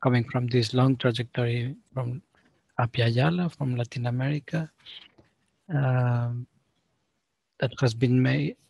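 A man speaking as a sociologist guest, giving a deliberate, lecture-like explanation of his ideas. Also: medium pitch, fairly even intonation, creaky, darkish tone, no room sound, highs cut off. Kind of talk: academic explanation.

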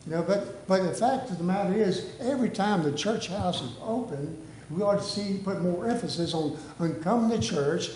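A man's voice: high-pitched, expressive, moderate pace, a little mellow, echoey room, a little hiss or hum, rough recording. A man preaching a sermon in a church. He reads scripture aloud and then preaches off the cuff, with lots of "hey" and restarts. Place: church sanctuary.

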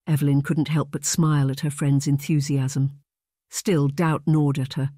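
Measured audiobook narrator, dry recording. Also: mid-range voice, little pitch movement, mellow, no echo. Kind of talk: scripted narration.

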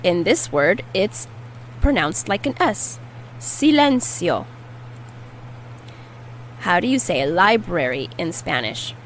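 Female language teacher, slow deliberate delivery, lowish voice, faint hum behind. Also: big pitch swings, fairly bright tone, low-quality recording. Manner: slow, careful repetition of words. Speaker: Spanish teacher. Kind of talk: language lesson.

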